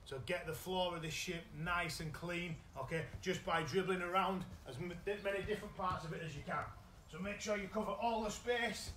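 A man with a British accent coaching children's football in a live online session, giving energetic, encouraging instructions. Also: high-pitched, moderate pace, reverberant, a little hiss or hum, rough recording. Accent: British English. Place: indoors at home.

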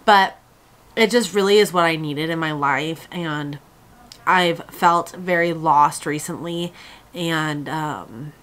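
A woman's voice: sits low, takes it slowly, a bit bright. A young woman chatting in a casual vlog, gushing and emotional, close to tears. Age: young adult. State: tearful. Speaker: vlogger.

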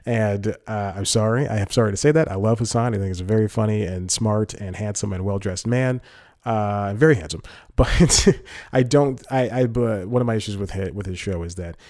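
Male podcast host, lowish voice, chatty and self-interrupting, dry room. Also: fairly quick, a little mellow, dry recording. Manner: rambling, self-interrupting, laughs often. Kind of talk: casual solo comedy chat. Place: home room, talking to a camera.

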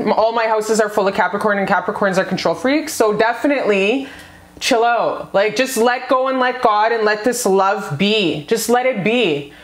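A woman with a fairly high voice does a casual pick-a-card love reading. She talks in a gushing, foul-mouthed way, speaking straight to her viewers as "you guys." Her voice carries a roomy echo. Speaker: tarot card reader.

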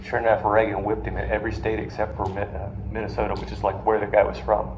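This finance lecturer speaks fast in a lowish, level voice, telling stories to his live classroom and posing questions with jokey asides. The recording picks up a roomy space with faint noise.

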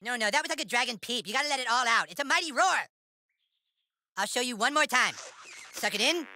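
A man's voice: very high voice, expressive, a little fast, dry recording, clean studio sound, full character voice. An actor playing a crude, bossy young boy acting as a mock-solemn fantasy mentor in a video game. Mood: coaching. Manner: mock-solemn, foul-mouthed. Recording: game audio with loud music.

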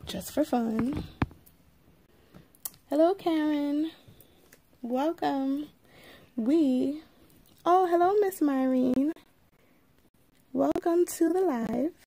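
A woman hosts a relaxed live stream, taking her time and greeting each viewer by name. Her voice sits a little high but has a mellow, darker tone with a gravelly edge. She talks in an easygoing, drawn-out way, full of asides. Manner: slow, drawn-out delivery with frequent asides. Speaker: livestream host. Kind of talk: casual live unboxing chat.

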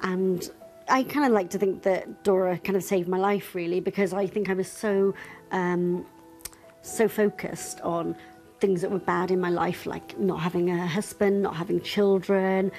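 A woman dog owner speaking softly and candidly in an interview. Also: on the low side, fairly even intonation, unhurried, faint music behind.

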